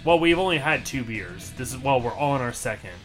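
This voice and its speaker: A man's voice: mid-range voice, animated, a little fast, faint music behind. A man co-hosting a podcast, laid-back and drawling with fillers. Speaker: podcast co-host. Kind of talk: casual podcast chat.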